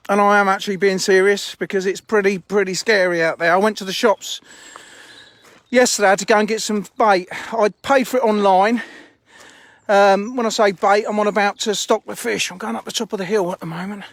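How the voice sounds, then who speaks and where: A high-voiced man rambling on a live stream from his fishing lakes, slightly out of breath from walking. He talks bluntly and swears casually. The phone sound is close and dry. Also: fairly even intonation, normal speed, fairly bright tone, dry recording. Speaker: fishery owner streaming live. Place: outdoors at a fishing lake.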